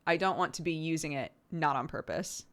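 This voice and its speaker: A woman's voice: sits low, brisk, fairly bright tone. A young woman from Oregon with a General American accent, chatting casually with viewers as a streamer and checking in with "right?" as she explains. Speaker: streamer host.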